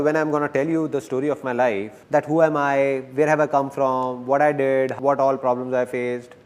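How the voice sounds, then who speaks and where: A man giving a playful, animated motivational speech to a live audience. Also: medium pitch. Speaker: motivational speaker.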